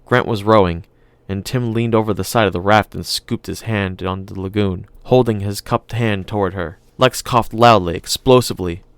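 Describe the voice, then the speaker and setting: A man reading an audiobook aloud in calm, measured scripted narration. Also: on the low side, smooth, dry recording.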